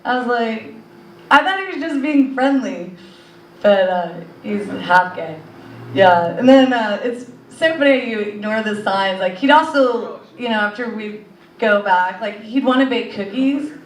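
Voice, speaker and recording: A young woman with a fairly high voice works through a stand-up set in a comedy club, wandering from joke to joke with plenty of "uh" and "like". The sound is roomy and a bit distant, with faint club ambience behind her. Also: animated, unhurried, a little hiss or hum. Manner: rambling, filler-heavy delivery. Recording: echoey club audio from a distance.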